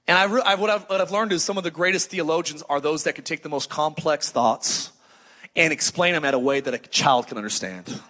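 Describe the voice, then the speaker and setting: A middle-aged male pastor preaching with a high, bright voice that rings out over the congregation. He talks in a loose, conversational way and slips into the voices of the people in his stories. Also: brisk. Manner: conversational storytelling, acts out quoted voices. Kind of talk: sermon. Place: church sanctuary before a congregation. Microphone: handheld microphone.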